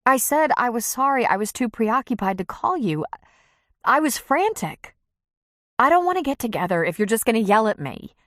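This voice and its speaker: A woman's voice: a little high, big pitch swings, normal speed, a bit bright, no room sound, clean studio sound, voice pushed up. A woman reading an audiobook, voicing a flustered, apologetic bride-to-be who talks defensively. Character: anxious, apologetic young bride-to-be.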